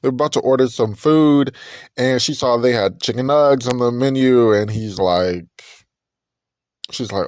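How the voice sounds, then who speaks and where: A man's voice: mid-range voice, a little slow, darkish tone, dry recording. A young man hosting a podcast, animatedly recapping a reality TV episode, acting out the people in it and laughing often. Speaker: podcast host.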